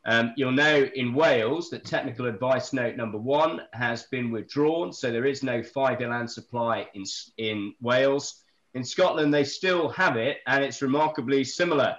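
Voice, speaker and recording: A man on a planning discussion panel, talking through appeal decisions in a dry, joking but brisk factual way. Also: medium pitch, fairly bright tone, lo-fi sound. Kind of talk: casual expert discussion.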